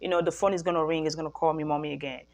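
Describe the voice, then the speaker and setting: A woman's voice: low voice, steady tone, rapid-fire, a little mellow, soft background music. A woman speaking to camera in an earnest personal testimony as a mother, repeating her phrases for emphasis and often restarting her sentences. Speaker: mother sharing a faith-based healing message.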